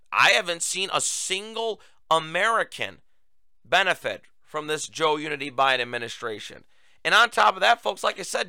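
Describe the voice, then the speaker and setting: A man's voice: a little high, no echo. A man hosting a political talk show, delivering a sarcastic opinion monologue to his listeners. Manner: sarcastic, animated, addresses listeners as folks.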